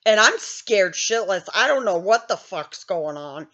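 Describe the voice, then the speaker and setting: A woman's voice: mid-range voice, lively intonation, unhurried, fairly bright tone, highs cut off. An older woman hosting a gaming channel, telling a story in a blunt, self-mocking way with lots of swearing. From Wisconsin, US. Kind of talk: casual storytelling.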